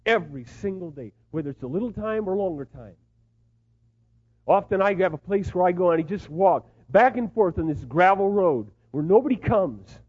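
A man's voice: a little high, husky. Impassioned middle-aged male preacher, muffled sound. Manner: swings from hushed, tender asides to loud, impassioned pleas. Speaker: pastor. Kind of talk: sermon.

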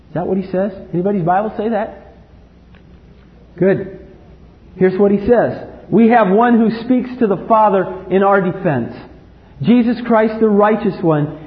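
A man preaching a sermon, emphatic, swinging from loud outbursts to low quiet lines. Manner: emphatic, rises to loud acted outbursts then drops low. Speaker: pastor. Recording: echoey hall, dull lo-fi sound.

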